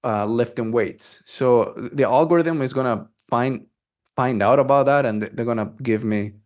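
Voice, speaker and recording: A man hosting a relaxed podcast interview, thinking out loud as he talks. He restarts his sentences and keeps checking in with his guest. His voice sits at an ordinary middle pitch for a man. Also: moderate pace. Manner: thoughtful, restarts sentences, asks "right?". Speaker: podcast host. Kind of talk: casual interview talk.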